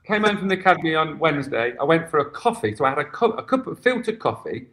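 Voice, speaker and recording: A man, a football coach, chats as a podcast guest, now and then tripping over his first words. His voice sits a little higher than most men's. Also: very animated, quick pace, a bit bright, a little hiss or hum. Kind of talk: casual chat.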